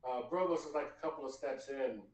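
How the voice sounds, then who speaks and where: A man's voice: medium pitch, fast, far from the mic. A man narrating as game master in a live tabletop game, in a loose, filler-heavy way. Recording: roomy, from off the mic.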